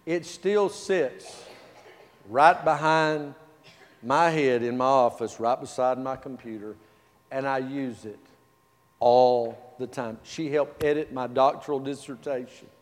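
Pastor telling a story, echoing church hall. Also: male voice, mid-range voice, slow pace. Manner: storytelling, swinging from loud stress to hushed, soft delivery. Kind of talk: sermon with personal storytelling. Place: church sanctuary. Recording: long reverb of a church hall.

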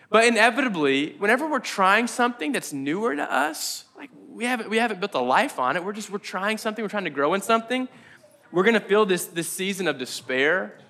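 A man's voice: high-pitched, sing-song, brisk, sharp tone. A man preaching a casual, joking sermon to his church, talking conversationally and laughing often. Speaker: pastor.

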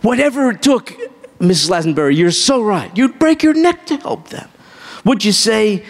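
A man preaching a live sermon to a congregation, emphatic, asking them direct questions and breaking into sudden high exclamations. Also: animated, moderate pace, creaky. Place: church hall with a congregation. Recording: reverberant hall sound.

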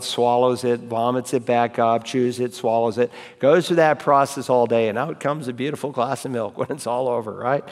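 A man teaching a Bible class in a relaxed, conversational way. He repeats key phrases and recites verses aloud to show how it is done. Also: mid-range voice. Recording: reverberant hall.

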